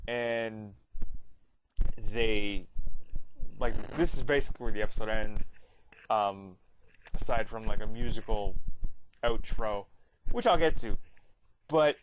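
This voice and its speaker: A man's voice: fairly low pitch, takes it slowly, long pauses, slight background noise, low-quality recording. A man casually recapping a TV episode as a reviewer, rambling with many fillers and self-corrections.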